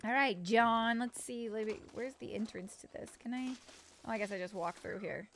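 A woman's voice: on the high side, moderate pace, fairly bright tone, a little hiss or hum. A woman streamer giving playful, chatty let's play commentary to her viewers.

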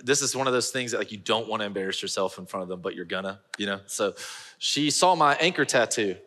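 A man preaching a sermon as pastor, telling a funny personal story with lively, self-mocking delivery. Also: fairly low pitch, quick pace, long reverb tail. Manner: animated storyteller, laughing at himself. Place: large church auditorium.

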